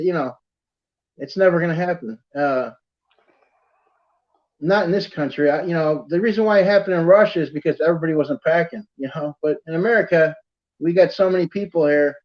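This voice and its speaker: A man's voice: on the high side, fairly quick. A man telling stories in casual chat, rambling with many fillers and laughing through his tales. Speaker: storyteller in casual conversation. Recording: dull lo-fi audio.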